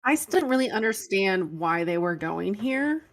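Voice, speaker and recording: A woman's voice: mid-range voice, animated, normal speed. A woman co-hosting a podcast, chatting casually about a film with blunt opinions and frequent laughter. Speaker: podcast co-host. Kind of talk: casual movie-review chat.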